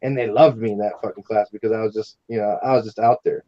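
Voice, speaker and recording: A man co-hosting a casual chat, loud and jokey, telling stories. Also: fairly low pitch, fairly even intonation, fast, dull audio. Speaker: co-host.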